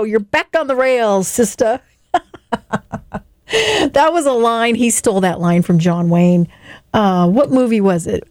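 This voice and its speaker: Chatty woman radio host, fairly high voice. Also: a little mellow, dry recording. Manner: chatty, rambling, laughs often. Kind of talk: casual radio chat, reading listings. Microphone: studio microphone.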